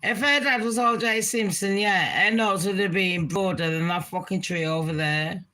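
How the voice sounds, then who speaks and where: A woman's voice: medium pitch, normal speed, sharp tone. A woman chatting casually as a gossip vlogger, blunt and crude, swearing freely and tossing asides to her viewers.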